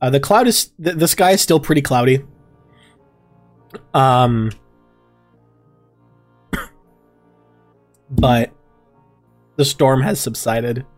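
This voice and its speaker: A man narrating a tabletop game as game master in a relaxed way with many fillers. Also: mid-range voice.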